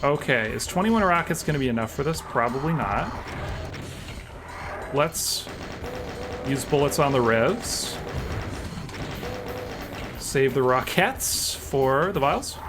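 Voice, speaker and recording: A man's voice: mid-range voice, animated, takes it slowly, pauses often. A man streaming a game live, chatting casually and self-deprecatingly while reacting aloud to the action and answering chat. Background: game music.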